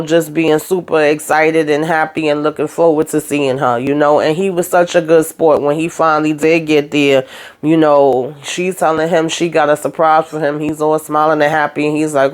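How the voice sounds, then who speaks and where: A woman's voice: deep voice, darkish tone. A woman hosting a reality TV recap, talking in a casual, blunt and sassy way and speaking straight to the cast members.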